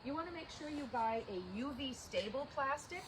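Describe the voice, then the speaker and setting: A woman's voice: high-pitched, expressive, normal speed. Woman, gardening co-host, playful, enthusiastic, noisy outdoor recording. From Minnesota. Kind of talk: casual educational chat. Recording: outdoor recording with background noise.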